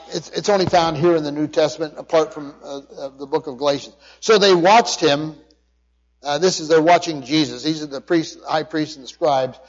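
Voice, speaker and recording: Male pastor, higher voice, emphatic sermon delivery with restarts; muffled recording with long hall echo. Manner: emphatic preaching with frequent restarts and word study. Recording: dull sound with long hall reverb.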